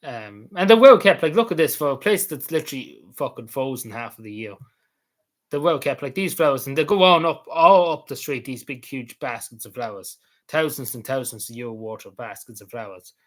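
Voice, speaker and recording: A man with a Cavan Irish accent narrates his travel photos in a loose, rambling vlog. His voice is hoarse and sits at an ordinary middle pitch. He circles back on his points and drops in the odd swear word. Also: animated, brisk. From Ireland. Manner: rambling, repetitive, swears casually. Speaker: vlogger.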